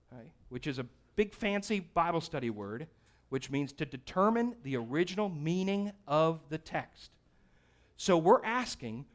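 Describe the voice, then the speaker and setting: A man teaching a Bible study class, energetic and often checking in with his listeners. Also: on the high side.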